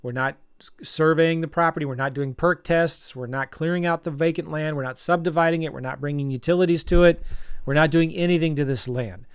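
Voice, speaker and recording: A man with a fairly high voice coaches a live webinar, telling stories and urging viewers to act. He sounds energetic and upbeat. The sound is dry and close, with no room echo. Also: brisk, clean tone. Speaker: real estate investing coach.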